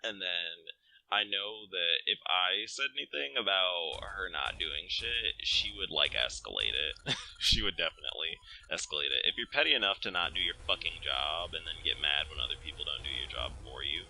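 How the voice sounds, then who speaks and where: Gravelly deep-voiced man ranting over gameplay. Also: animated, normal speed, pushed and bright, slight background noise, poor audio. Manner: profane, ranting venting. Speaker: let's play host. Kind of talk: casual gameplay commentary.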